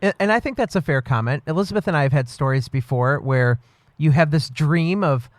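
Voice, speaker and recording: A male podcast co-host with a slightly higher voice than most men. He asks questions in a friendly, reassuring way. The recording is dry and close. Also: lively intonation, brisk, dry recording. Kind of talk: casual interview.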